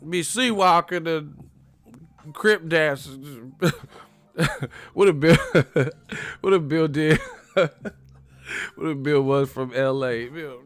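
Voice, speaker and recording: A man's voice: a little high, slow, long pauses, soft background music. A man hosting a livestream, ranting comedically in a loose, profane way and laughing often. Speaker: livestream host.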